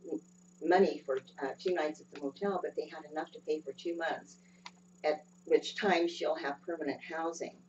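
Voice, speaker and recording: A woman giving a sermon in a gentle, unhurried way, pausing often with ums. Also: sits low. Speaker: lay speaker. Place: church sanctuary. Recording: dull distant sound with faint hum.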